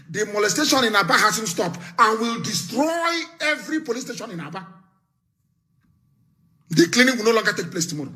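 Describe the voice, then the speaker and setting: A middle-aged Nigerian man delivering a fiery live political broadcast, threatening and lecturing, repeating his warnings with sudden shouts. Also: high voice, sing-song, fairly quick. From southeastern Nigeria.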